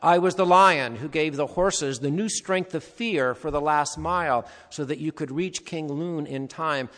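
A man voicing a great lion with a calm, deep and measured voice in a storybook reading. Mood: solemn. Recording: long hall reverb.

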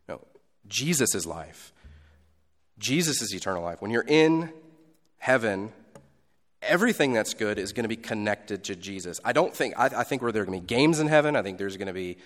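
Man preaching in an echoing hall. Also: medium pitch. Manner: conversational preaching, swings between loud emphasis and quiet asides. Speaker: pastor. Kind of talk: sermon.

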